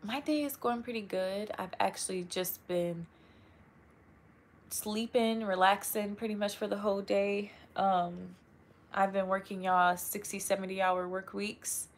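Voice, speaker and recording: Her pitch sits in the middle, her tone is steady, and she keeps a measured pace. She's a young woman running a casual live stream, warmly talking with viewers, calling them by name and saying "y'all," somewhat worn out from long work weeks.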